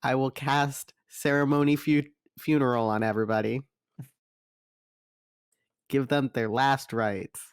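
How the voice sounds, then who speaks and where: A man's voice: mid-range voice, steady tone, measured pace, long pauses, clear, resonant tone, no echo. Earnest man, dry close sound. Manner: earnest, hesitant, restarting sentences. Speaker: player. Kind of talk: in-character tabletop role-play.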